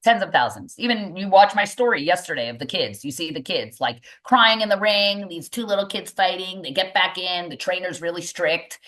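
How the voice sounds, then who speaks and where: A woman's voice: on the low side, expressive, moderate pace, few pauses, a bit bright. A woman, a mindset coach and boxing gym owner, speaking emphatically as a podcast guest and repeating phrases for stress.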